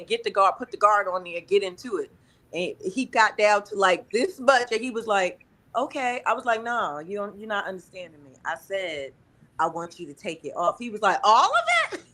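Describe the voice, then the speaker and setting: Lively, bright-voiced woman co-host. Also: medium pitch. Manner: animated, playful, talks straight to listeners. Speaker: podcast co-host. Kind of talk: casual chat.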